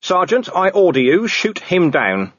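Man doing furious watch commander, clipped, threatening, lively delivery, dull dry audio. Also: high voice, a little slow, husky, no echo, voice pushed up, exaggerated voice. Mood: cold. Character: furious middle-aged man, hard-bitten watch commander.

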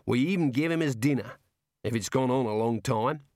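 A man voicing a cheerful, chatty prison warder, talking in a folksy, drawn-out way. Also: medium pitch, a little mellow, dry recording, clean studio sound, lightly acted. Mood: confiding. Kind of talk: audiobook character voice.

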